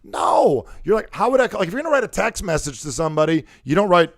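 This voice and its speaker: A man's voice: high voice, sing-song, fast, few pauses, no room sound, studio quality. A man hosting a motivational talk show about sales and conversation, who acts out how people sound on calls. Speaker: show host and sales coach.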